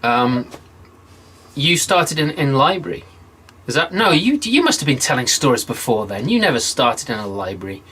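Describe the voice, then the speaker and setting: A man's voice: mid-range voice, very animated, husky. A man hosting a casual online chat show, greeting viewers by name in an upbeat, chatty way. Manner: chatty, upbeat, quick shout-outs to viewers. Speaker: host. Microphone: video call.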